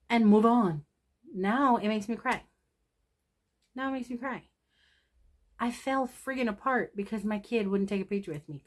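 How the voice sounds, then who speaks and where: A woman vlogger talking casually to camera, candid, emotional and self-deprecating, addressing her viewers directly. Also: medium pitch. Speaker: thrift haul vlogger. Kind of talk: casual confessional chat to camera.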